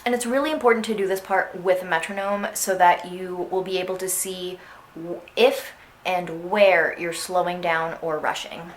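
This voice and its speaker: A woman's voice: lowish voice, fairly even intonation, normal speed. A young woman teaching an orchestral clarinet excerpt in a casual, chatty way, singing phrases aloud to show them. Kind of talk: instructional music lesson. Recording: echoey room with faint noise.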